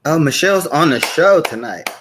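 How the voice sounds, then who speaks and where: A man's voice: fairly high pitch, animated, moderate pace, noisy background. A man hosting a live stream show, chatting casually, greeting viewers by name and repeating his welcomes.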